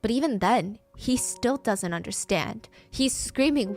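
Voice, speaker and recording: A woman narrating a scripted true-crime story in a brisk way, acting out the quoted speech as she goes. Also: on the high side, animated, darkish tone, faint music behind.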